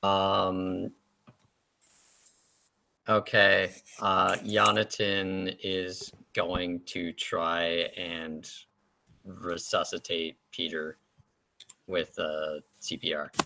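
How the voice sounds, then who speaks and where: Male player, deep gravelly voice, very slow and laid-back. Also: little pitch movement, bright, forceful tone. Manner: laid-back, reading out dice rolls. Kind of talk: casual tabletop play.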